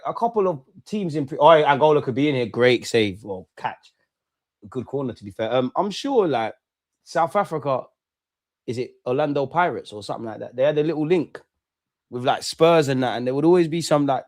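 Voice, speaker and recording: A young man, chatting with viewers and shouting them out during a live football watch-along. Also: on the high side, animated, a little fast, dry recording, studio quality. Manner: chatty slang-heavy banter, shouting out viewers. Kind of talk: live reaction chat.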